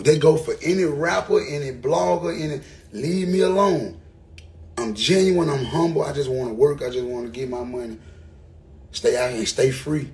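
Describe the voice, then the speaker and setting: A man's voice: mid-range voice, normal speed, a little mellow, a little hiss or hum. A man in his thirties with a Memphis Southern accent, ranting to the camera in an angry, profane way and hammering home repeated phrases. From Memphis, Tennessee. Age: 30s. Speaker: rapper. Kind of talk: heated rant to camera.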